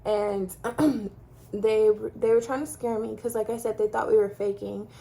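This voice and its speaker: A woman with a mellow, darker voice telling a personal story to camera. She talks casually, with frequent "like" and "um" fillers. She grew up in Texas. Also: on the high side, steady tone, a little slow, gravelly. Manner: chatty, many fillers like "like" and "um". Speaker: vlogger sharing her story.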